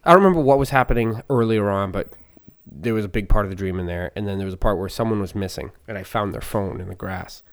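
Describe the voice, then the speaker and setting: Podcast co-host, male, lowish voice, rambling storyteller with lots of "like" and "um". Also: fast. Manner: rambling, lots of fillers and restarts. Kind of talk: casual chat, storytelling.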